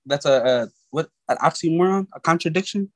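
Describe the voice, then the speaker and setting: A young man with a fairly high voice co-hosts a casual podcast chat. He jokes along and often stumbles, restarting his sentences. The recording is close and dry, with no room sound. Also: brisk, no room sound, poor audio. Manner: joking, stammering with many restarts. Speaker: podcast co-host.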